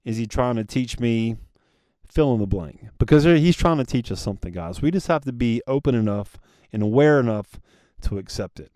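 A man's voice: medium pitch, animated, a little fast, mellow, no echo, clean studio sound. A man hosting a solo motivational podcast, talking earnestly and casually to his listeners and calling them guys. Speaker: podcast host.

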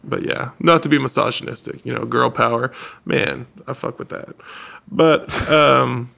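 A man who makes documentaries, chatting casually and telling stories with animated, laughing delivery. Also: mid-range voice, normal speed, gravelly. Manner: animated storyteller, laughs often, mimics others. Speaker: documentary filmmaker. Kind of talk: casual conversation.

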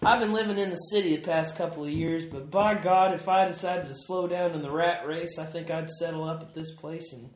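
A man's voice: a little high, fairly quick, few pauses, lightly acted. A man voicing a swaggering, folksy-talking male city visitor in a tabletop game. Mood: boastful. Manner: folksy, boastful. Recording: echoey room with chatter.

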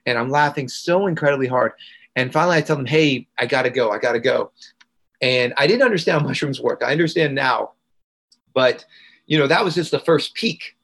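A man, a podcast guest, telling a long personal story in an earnest, halting way with fillers and restarts. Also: medium pitch, fairly bright tone, husky, poor audio. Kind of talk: storytelling in a conversation.

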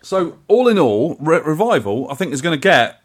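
A man's voice: on the high side, big pitch swings, normal speed, a little hiss or hum. A man co-hosting a podcast, chatting casually and rambling with restarts. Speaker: podcast co-host. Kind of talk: casual chat.

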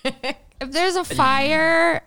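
A woman's voice: high-pitched, steady tone, extremely slow, bright, forceful tone, no echo, studio quality. A woman co-hosting a casual chat, teasing her friend with crude jokes and banter.

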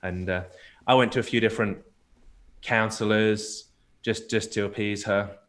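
A man's voice: on the low side, fairly even intonation, normal speed, fairly bright tone. A man, a podcast guest and marriage coach, telling a candid personal story in a frank way, often repeating and restarting words.

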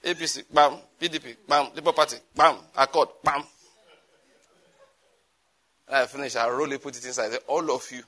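A man, preaching a sermon as a pastor, emphatic and animated, with repetitions and sudden asides. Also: mid-range voice, moderate pace, pauses often.

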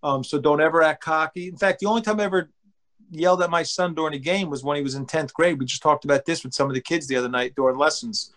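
A middle-aged man, a former pro pitcher and father, rambling through animated baseball stories in casual chat. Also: fast. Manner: rambling, animated storyteller who acts out quotes.

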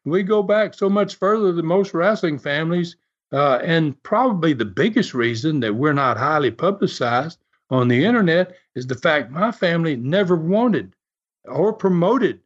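A man's voice: fairly high pitch, expressive, moderate pace. An older man hosting his own podcast, telling a long story in a rambling way with lots of fillers and restarts. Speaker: podcast host. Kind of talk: casual storytelling monologue. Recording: dull lo-fi recording.

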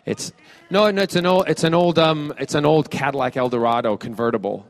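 A man from Scotland, a celebrity guest fielding audience questions at a fan panel, playful and joking with halting fillers and restarts. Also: fairly high pitch, a little hiss or hum. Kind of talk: casual audience Q&A.

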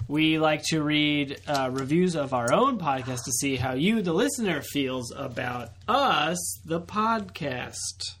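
Man, podcast co-host, rambling casual chat, fairly high voice. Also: animated, takes it slowly, hardly any pauses, a bit bright, a little hiss or hum. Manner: rambling, many "like"s, laughs often.

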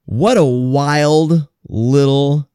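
A man's voice: a little high, fairly even intonation, drawn-out words, dark tone, smooth, no room sound. A man co-hosting a horror film podcast in loose, joking casual chat with frequent fillers, on a close podcast mic. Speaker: podcast co-host.

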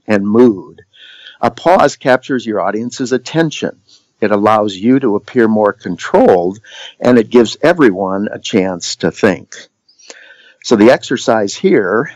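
A man giving a scripted lesson on voice and communication skills, speaking in a measured, demonstrative way with deliberate pauses. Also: medium pitch, darkish tone, no room sound, dull audio. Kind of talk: scripted instructional narration.

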